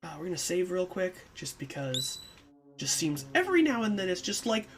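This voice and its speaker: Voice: mid-range voice, very animated, a little fast, a little hiss or hum. A streamer reading a text game aloud and chatting casually, self-mocking and swearing. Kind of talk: game playthrough narration and commentary.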